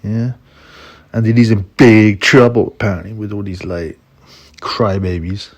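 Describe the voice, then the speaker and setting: A man's voice: lowish voice, unhurried. A man ranting casually about a news story in a mocking tone, laughing often and repeating words as he goes. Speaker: boxing commentary vlogger.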